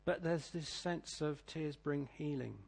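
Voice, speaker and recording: A middle-aged British man preaching a sermon, reading scripture and telling stories, swinging between loud declaiming and quiet asides. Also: on the high side, a little slow, gravelly, husky. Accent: British English. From Britain.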